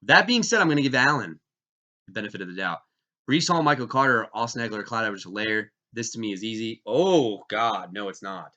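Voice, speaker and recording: A man's voice: lowish voice, brisk. Hyped man talking fantasy football, lo-fi. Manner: animated, hyped, self-interrupting. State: recovering from illness, coughing. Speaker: fantasy football league host. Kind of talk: casual fantasy sports talk. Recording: dull lo-fi sound.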